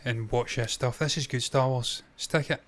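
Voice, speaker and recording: A man's voice: medium pitch, steady tone, normal speed, fairly bright tone. Sweary, blunt man co-hosting. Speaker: co-host. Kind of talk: casual reaction chat.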